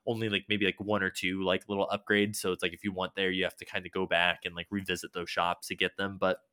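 A man's voice: deep voice, flat delivery, fast talker, sharp tone, clean tone, no echo, studio quality. A man casually rambling about a video game, loose and swearing now and then, with many fillers.

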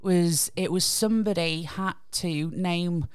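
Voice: mid-range voice, slow, clear, resonant tone. A podcast co-host in casual chat, speaking candidly, laughing often and using like a lot.

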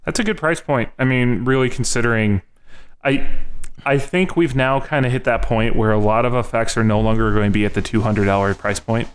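Smooth-voiced co-host. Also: male voice, mid-range voice, fairly quick. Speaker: podcast co-host. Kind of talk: casual gear chat.

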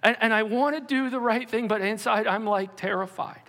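Man acting out an anxious churchgoer, high, rushed, panicky, big hall reverb. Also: a bit bright. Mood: panicked. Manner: rushed, breathless worried rambling. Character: anxious frightened churchgoer, overwhelmed by worry.

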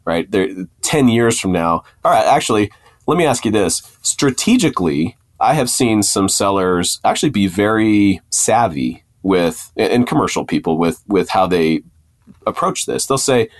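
Very deep-voiced male podcast host. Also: normal speed. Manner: energetic, restarts often, thinks out loud with numbers. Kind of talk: podcast interview, conversational.

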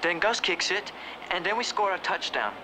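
A man's voice: high-pitched, expressive, normal speed. An actor playing an earnest young man on a football team, explaining the plan in a plain, matter-of-fact way, heard as a clip from a film. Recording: distant film clip with outdoor noise.

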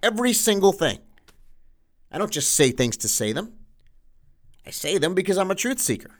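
A man hosting his own news show as a pastor, delivering an impassioned, sarcastic monologue that swings between loud outbursts and hushed asides. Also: high voice, big pitch swings, normal speed. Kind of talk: political news commentary monologue.

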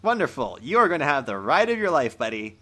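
A man's voice: mid-range voice, very animated, quick pace, sharp tone. A man playing a tabletop role-playing game, playful and teasing, often laughing. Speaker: player.

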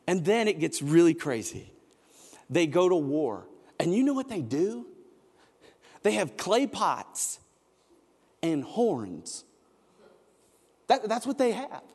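A man preaching a sermon as pastor, telling a story and building to shouted emphasis. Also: sits high, big pitch swings, slow pace, pauses often, husky. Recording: long hall reverb.

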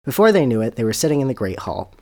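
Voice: medium pitch, sing-song, fast, darkish tone. A podcast host reading fan fiction aloud with sarcastic, giggly narration.

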